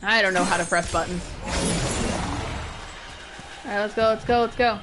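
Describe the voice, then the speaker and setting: Over loud music, a young streamer from the northern United States talks casually through a video game at a moderate pace. Her voice is medium in pitch, and she laughs and thinks aloud whenever she's puzzled.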